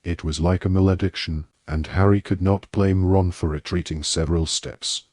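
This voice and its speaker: Low deep voice guy reading an audiobook, steady, dry close sound. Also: moderate pace, no echo. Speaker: audiobook narrator. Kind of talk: scripted audiobook narration.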